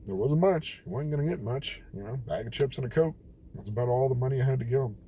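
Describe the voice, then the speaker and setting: A man's voice: medium pitch, fast talker, mellow, a little hiss or hum, rough recording. A young man telling a rambling, self-deprecating story late at night, tired and quoting others as he goes. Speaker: vlogger.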